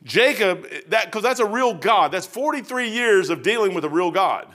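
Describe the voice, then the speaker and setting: Middle-aged male pastor, folksy rambling preacher, high-pitched, sings bits of hymns. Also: animated, normal speed, pushed and bright. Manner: folksy, rambling, says "man" a lot, half-sings hymn lines. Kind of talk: verse-by-verse sermon.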